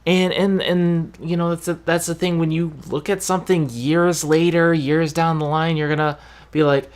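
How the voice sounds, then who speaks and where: A podcast host giving opinions in casual chat, deliberate and prone to restarts. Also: mid-range voice, level tone.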